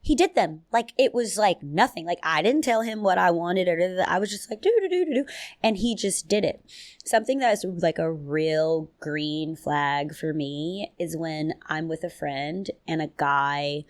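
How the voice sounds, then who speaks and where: Low-voiced chatty woman podcaster. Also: no room sound. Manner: chatty and animated, quick jumps in pitch, laughs often, loose slang. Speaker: podcast host. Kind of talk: casual solo podcast chat.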